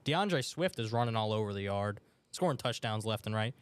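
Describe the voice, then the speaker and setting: A man co-hosting a sports betting podcast in a radio studio, chatting casually and excitably. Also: lowish voice, brisk, clean tone. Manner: excitable, chatty, loud outbursts for his team. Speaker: podcast co-host. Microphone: studio mic.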